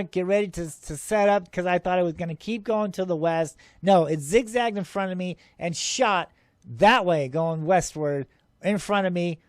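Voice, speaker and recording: A man hosting a UFO show, excitedly talking over his own footage, rambling, laughing often and scoffing at skeptics. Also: high-pitched, dry recording. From Arizona, USA.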